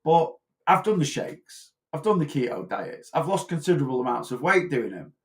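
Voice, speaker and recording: A chatty man with a slightly higher voice talks through weight-loss advice in a loose, casual vlog. He is blunt and down to earth, and keeps checking in with quick tag questions as he goes. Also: very animated.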